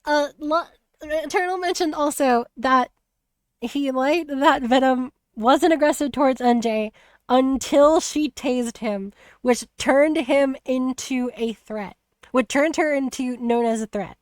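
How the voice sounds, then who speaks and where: A woman's voice: high-pitched, slow, dry recording, clean studio sound. A woman hosting a stream, chatting casually about a video game and retelling scenes with many restarts. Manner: rambling, many restarts, laughs easily. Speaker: streamer host.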